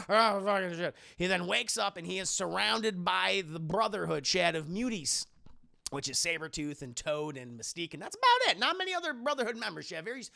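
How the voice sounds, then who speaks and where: Gravelly, bright-voiced streamer man. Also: sits high. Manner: profane, rambling, keeps addressing chat. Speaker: streamer reviewing a film. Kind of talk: casual live-stream film recap.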